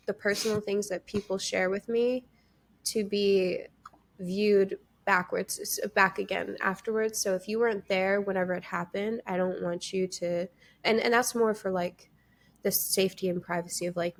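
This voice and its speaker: A young adult woman co-hosting a podcast and chatting candidly, telling animated stories with bursts of laughter. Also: medium pitch, moderate pace. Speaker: podcast co-host and streamer. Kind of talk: casual podcast chat.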